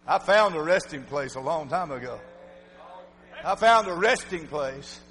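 An older man preaching an emphatic revival sermon, swinging from shouts to low muttering. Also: expressive, measured pace, long reverb tail, rough recording.

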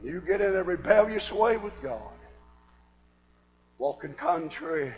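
A man preaching a sermon, swinging from shouted fiery passages to quiet, earnest talk. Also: high-pitched, lively intonation, a little slow, dull audio, a little hiss or hum.

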